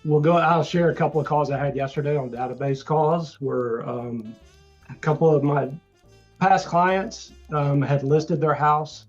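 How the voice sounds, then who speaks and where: A man's voice: on the high side, measured pace, lo-fi sound, soft background music. A man from Georgia calling in to a show, telling about his client calls in an easygoing, plain way. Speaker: caller, loan officer. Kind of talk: casual call-in chat.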